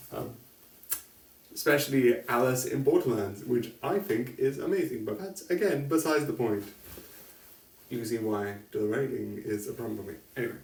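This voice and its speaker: A man's voice: lowish voice, a little mellow. A man giving a casual, rambling film review, correcting himself often and laughing between thoughts. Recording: echoey room, distant mic.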